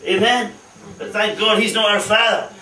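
High-voiced fervent preacher in echoey church. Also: male voice, level tone, moderate pace, pushed and bright, recorded from a distance, a little hiss or hum. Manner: fervent, punctuates with hallelujahs and amens. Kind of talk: sermon. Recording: echoey hall, voice off-mic.

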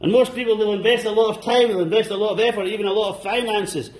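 High-voiced fervent preacher man. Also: fairly even intonation, quick pace, reverberant. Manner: fervent, exclaiming and calling out to the congregation; shifts between loud exclamations and soft, low asides. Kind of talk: sermon. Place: church service.

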